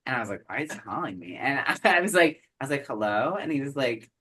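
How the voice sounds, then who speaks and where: A woman co-hosting a casual chat, animated, laughing often and swearing freely. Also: very deep voice, fast talker, breathy edge. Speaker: podcast co-host.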